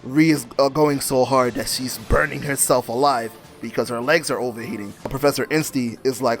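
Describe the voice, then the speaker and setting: Give me an animated young man giving a casual comic recap, slangy and laughing, over faint music. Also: medium pitch, normal speed, hardly any pauses. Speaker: comic reviewer.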